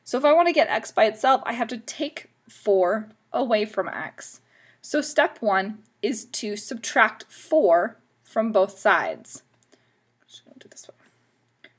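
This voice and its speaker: Woman math teacher, recorded lesson, patient step-by-step explainer, a little high-pitched. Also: animated, takes it slowly, breathy edge. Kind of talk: classroom math lesson video.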